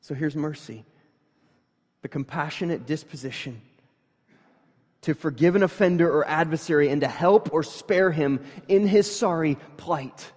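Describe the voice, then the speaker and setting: A man preaching a sermon as pastor, shifting between quiet scripture reading and loud, emphatic passages, conversational with fillers and restarts. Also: a little high, measured pace. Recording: long hall reverb.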